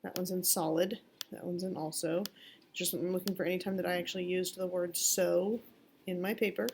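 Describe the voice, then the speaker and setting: A woman with a low, gravelly voice talking through a quick screen tutorial, one step at a time. Her explanation is plain and practical. Faint background noise runs underneath. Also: flat delivery, a little mellow. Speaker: teacher demonstrating software.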